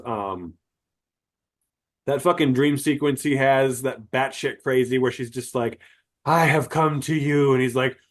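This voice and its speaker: A man co-hosting a podcast, giving a casual, comedic movie review and ranting with lots of swearing and emphasis. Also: mid-range voice. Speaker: podcast co-host.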